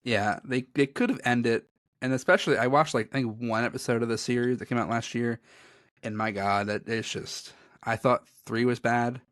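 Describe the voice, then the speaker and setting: A man's voice: medium pitch, steady tone, moderate pace, a bit bright, no echo, studio quality. A man co-hosting a podcast in casual chat, rambling and self-deprecating, often breaking into laughter. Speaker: podcast co-host.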